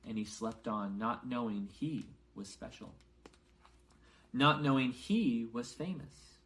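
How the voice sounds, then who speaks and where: A male English teacher reading a novel aloud for learners, clearly and carefully, with short explanations. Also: mid-range voice, poor audio.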